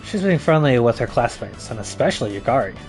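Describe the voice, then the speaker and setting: A man's voice: mid-range voice, lively intonation, fast talker, darkish tone, soft background music. A young man casually commenting on a game he plays, chatty and joking, reading text aloud. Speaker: streamer. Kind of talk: casual let's-play commentary.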